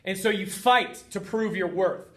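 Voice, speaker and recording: A man's voice: sits high, measured pace, a bit bright. A man hosting a heartfelt motivational talk as a fitness coach, earnest and emphatic, stacking up repeated phrases.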